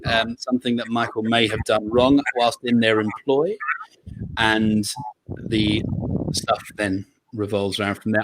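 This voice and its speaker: A man's voice: medium pitch, fairly bright tone. Chatty man hosting a quiz. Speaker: quiz host. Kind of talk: casual online quiz hosting.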